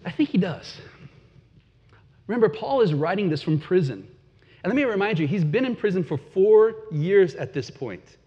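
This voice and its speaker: A man preaching a sermon in a relaxed, conversational way, chuckling now and then and sometimes repeating words. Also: high voice, normal speed. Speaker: pastor. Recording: dull lo-fi sound with long hall reverb.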